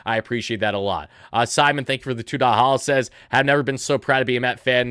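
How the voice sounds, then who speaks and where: A man in his twenties talking earnestly on a casual sports livestream. His voice is smooth and clear at a middle pitch. The sound is dry and close, with no room around it. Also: steady tone, quick pace, hardly any pauses, a bit bright, dry recording. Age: 20s. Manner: earnest and emotional, reading out viewer donations. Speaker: livestream host.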